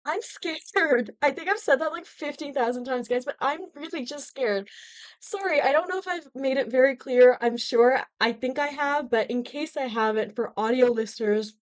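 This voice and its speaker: A woman's voice: high-pitched, normal speed. A woman hosting a live hockey reaction stream, exclaiming and laughing in alarm as she reacts to team news. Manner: panicked, exclaiming, laughing, repetitive.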